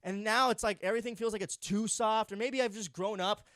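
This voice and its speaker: A man's voice: high voice, steady tone, a little fast, a bit bright, no echo, studio quality. A young man hosting a solo comedy podcast, rambling and swearing sarcastically while sleep deprived. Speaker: podcast host.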